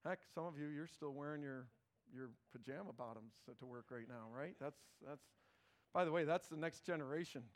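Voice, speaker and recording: Animated conversational pastor, slightly high voice. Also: male voice, a little fast. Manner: conversational, animated, repeats words when starting phrases. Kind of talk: sermon.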